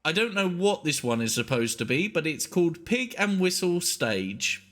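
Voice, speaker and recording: A man's voice: fairly high pitch, sing-song, normal speed, a bit bright. Rambling male gaming streamer. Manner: rambling, self-interrupting chatter. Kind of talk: casual live-stream commentary.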